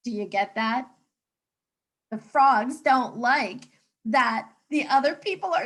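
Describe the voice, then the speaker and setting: A woman teacher reading a picture book aloud to children, animated and coaxing, pausing to ask them questions. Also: on the high side.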